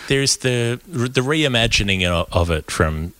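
A man hosting a podcast in casual chat, measured, wry and thoughtful. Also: medium pitch, lively intonation, fairly bright tone, no echo. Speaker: podcast host.

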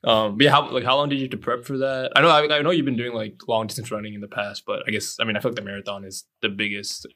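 A man's voice: medium pitch, steady tone, racing, few pauses, pushed and bright. A young man in his twenties co-hosting a podcast, joking and teasing his friends in casual chat. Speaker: podcast co-host.

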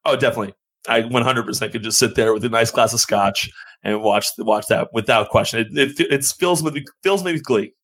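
A man, a former pitcher chatting as a podcast guest in a laid-back, joking way, often restarting his sentences. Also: a little fast, fairly bright tone, rough recording. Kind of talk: casual chat.

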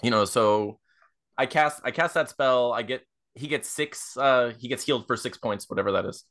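A man playing a tabletop game, talking in a lively, animated way and slipping into his character's voice. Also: mid-range voice, moderate pace. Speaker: player. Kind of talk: tabletop role-play chat.

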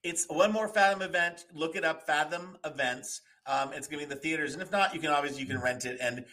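A man's voice: on the high side, fast talker, pushed and bright. A man talking as a guest in a casual chat, earnest and reflective.

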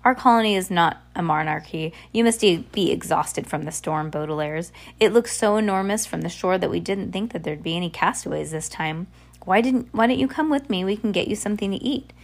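A woman voicing a calm, polite young girl who lives on an island. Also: on the low side, fairly quick. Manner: polite, gently firm.

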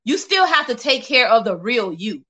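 A woman's voice: a little high, sing-song, normal speed, pushed and bright, poor audio. A woman hosting a casual livestream, reading viewer comments and talking candidly and directly to her viewers, laughing often. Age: adult, working age.

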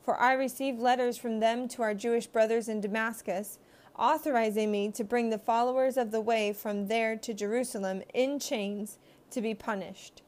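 Woman, higher-pitched, steady scripture reader. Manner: measured, earnest storytelling. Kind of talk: scripted Bible reading.

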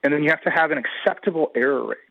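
A man's voice: a little high, racing, creaky, no echo. A man giving a guest commentary in a radio interview, analytical and emphatic, talking in long runs. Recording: dull lo-fi radio line.

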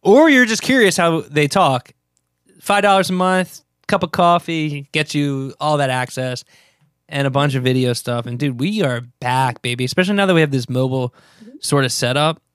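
A man co-hosting a casual podcast, laid-back and quick to laugh. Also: on the high side, clear, resonant tone, no echo, studio quality. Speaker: podcast co-host. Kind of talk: casual chat.

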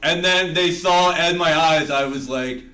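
A man's voice: on the high side, unhurried, sharp tone, poor audio. A young man co-hosting a podcast, telling a rambling story and laughing often in casual chat. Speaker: podcast co-host.

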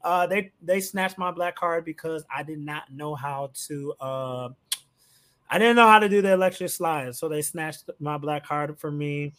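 A man's voice: fairly high pitch, a little slow. Hype-voiced male podcast host. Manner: animated, hype, playful interjections. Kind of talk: casual podcast interview.

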